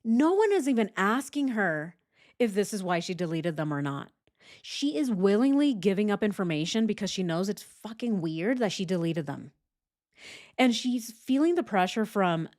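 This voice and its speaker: A woman commenting on interview transcripts as a true crime host, animated and sarcastic, swearing often. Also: medium pitch.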